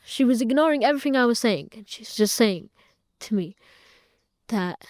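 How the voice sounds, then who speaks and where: A woman's voice: on the high side, lively intonation, normal speed, a little mellow, no echo, clean studio sound. A young woman, a guest in an interview, earnestly recounting a personal story and retelling family conversations at length.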